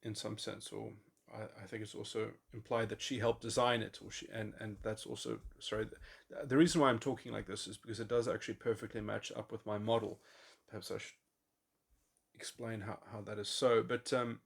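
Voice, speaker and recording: A man thinking aloud in a long speculative monologue, halting often and restarting his sentences. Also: on the low side, level tone, creaky, slightly rough. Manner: musing, halting, with many restarts and fillers. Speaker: podcast host. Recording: voice memo.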